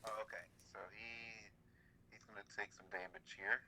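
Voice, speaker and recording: A man playing in a tabletop game, asking quick questions about the rules. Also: fairly low pitch, fairly even intonation, pushed and bright, a little hiss or hum. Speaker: player.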